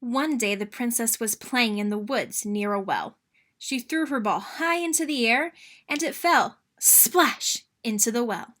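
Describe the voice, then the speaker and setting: Bright, expressive woman reading aloud. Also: a little high, measured pace. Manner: expressive, sing-song narration. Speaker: children's book reader. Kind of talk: read-aloud storytelling.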